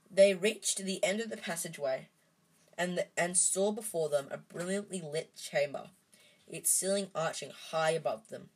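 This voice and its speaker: A woman's voice: lowish voice, normal speed, darkish tone, rough recording. A woman reading a storybook aloud in an unpolished way, stumbling and restarting often. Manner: unpolished, frequent restarts and ums.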